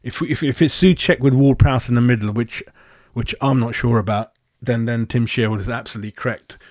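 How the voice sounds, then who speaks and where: A man hosting a live-stream football fan show, chatting in a rambling way, answering viewers' comments and calling everyone mate, often clearing his throat. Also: medium pitch, fairly even intonation, brisk, no room sound, muffled recording. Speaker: football fan channel host.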